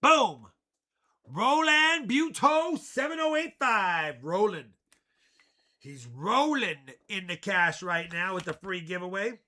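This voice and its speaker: A man hosting a live coin auction stream, joking around and shouting out countdowns and winners. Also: sits high, expressive, measured pace. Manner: jokey, loud countdowns and shouted calls. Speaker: livestream coin auction host. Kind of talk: energetic live auction patter.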